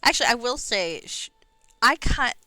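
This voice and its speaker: Chatty, bright-voiced woman streamer. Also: a little high, lively intonation, normal speed, no room sound. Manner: chatty, tangents, swears, laughs at herself; audible breathing into the mic. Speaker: streamer playing a game. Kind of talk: casual rambling chat. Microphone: close microphone.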